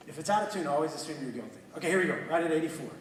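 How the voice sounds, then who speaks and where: A man coaching a student orchestra, energetic and encouraging, with quick bursts of praise. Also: on the high side, slight background noise. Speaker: orchestra clinician. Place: large hall with an orchestra. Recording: echoey hall from far off, orchestra music.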